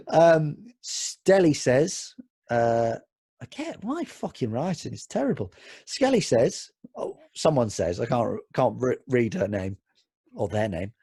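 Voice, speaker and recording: Guy on a chatty podcast, husky voice, swears a lot, dry close sound. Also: medium pitch, sing-song, slow pace, warm tone, no echo. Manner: swearing, reads comments aloud. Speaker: podcast co-host. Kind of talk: casual chat.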